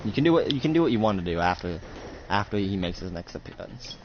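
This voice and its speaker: A man's voice: on the low side, big pitch swings, fast, background noise. A man narrating an improvised roleplay in a rambling, casual way. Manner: rambling, many fillers and restarts. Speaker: game master narrating a roleplay. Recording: dull lo-fi mic with music behind.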